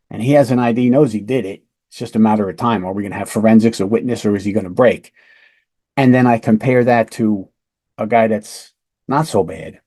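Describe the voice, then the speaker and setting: In this instructional storytelling, a police lieutenant hosting a podcast walks through a case to demonstrate an interviewing method. He sounds warm and mid-range, talking in a conversational, emphatic manner and tossing in "right?"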